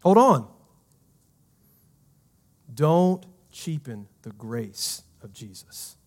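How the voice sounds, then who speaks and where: Emphatic preacher with a higher voice. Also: male voice, big pitch swings, extremely slow. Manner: emphatic, swinging from loud to hushed; conversational, asks the congregation questions. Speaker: pastor. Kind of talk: sermon.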